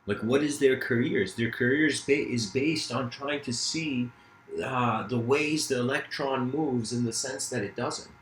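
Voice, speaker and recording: A man's voice: medium pitch, a little slow, roomy sound, slight background noise, rough recording. A man giving a casual philosophical lecture, telling a story loosely with many fillers.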